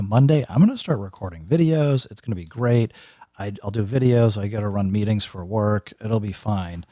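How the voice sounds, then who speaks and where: In a personal vlog update, a YouTuber in his thirties or forties casually describes his recent nose and throat surgery, which he is recovering from. His low, dark voice carries no room sound, and he rambles with many fillers and restarts.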